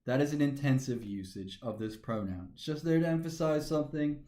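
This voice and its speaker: Male teacher with a fairly high voice who talks methodically through each step; recorded in a reverberant room. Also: expressive, a little fast, dark tone. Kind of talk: recorded grammar lesson. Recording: echoey room.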